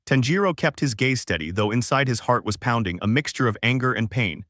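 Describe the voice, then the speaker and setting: A man reading a fan fiction story aloud in a steady, even storytelling voice. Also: mid-range voice, a little fast, few pauses, dry recording, studio quality. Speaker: fanfic narrator. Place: voice-over over game footage.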